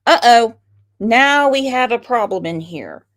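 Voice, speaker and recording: A woman's voice: a little high, expressive, measured pace, a bit bright. A woman with a Southern US accent hosting a casual livestream, teasing her guest and reading viewer comments aloud. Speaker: host.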